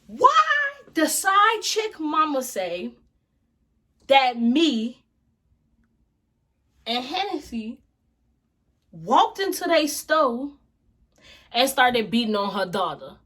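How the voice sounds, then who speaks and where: A woman vlogger telling a casual storytime tale in an animated, slangy, expressive way. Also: high-pitched, extremely slow, pauses often.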